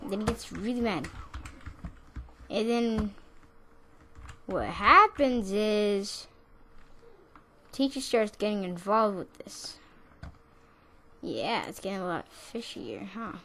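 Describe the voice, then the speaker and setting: A woman's voice: mid-range voice, expressive, slow, long pauses, pushed and bright, a little hiss or hum. A young woman casually telling a story about school, rambling with lots of "like" and restarts. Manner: rambling, full of "like" and restarts, with bursts of laughter.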